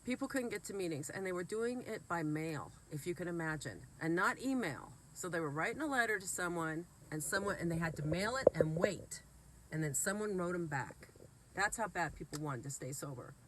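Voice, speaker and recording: A woman's voice: lowish voice, animated, a little fast, fairly bright tone, slight background noise. Emotional woman talking, sick. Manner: emotional, earnest, blunt. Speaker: vlogger. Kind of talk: heartfelt direct-to-camera talk.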